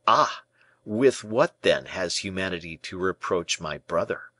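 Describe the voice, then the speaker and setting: A man's voice: animated, a little slow, a bit bright, no room sound, full character voice. Man reading as an anguished young prince. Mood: distrustful. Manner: pleading, impassioned, rising pitch. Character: young imprisoned male prince, anguished and distrustful. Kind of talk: audiobook character reading.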